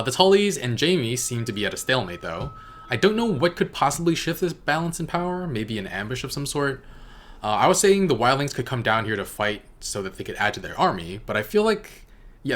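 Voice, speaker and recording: A man's voice: fairly low pitch, a bit bright. A man giving a casual spoken review of a TV episode, rambling and hesitant with many fillers and self-corrections. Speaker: TV reaction reviewer.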